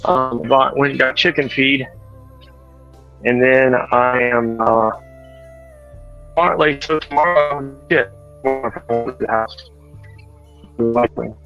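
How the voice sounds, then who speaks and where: A man's voice: mid-range voice, steady tone, slow pace, long pauses, muffled recording, soft background music. A man chatting casually while shopping in a big store, rambling and correcting himself as he talks. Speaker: truck driver streamer. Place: large store.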